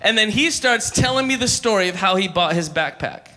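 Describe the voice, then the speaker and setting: High, bright-voiced joking preacher man. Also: expressive, brisk. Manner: joking storyteller, calls for crowd responses. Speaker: youth ministry speaker. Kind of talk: humorous youth sermon. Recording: long hall reverb.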